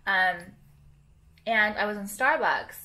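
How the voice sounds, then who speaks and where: A young woman talks slowly to the camera in a casual makeup vlog, her medium-pitched voice bright and forceful. She rambles, filling the gaps with fillers and offhand swearing.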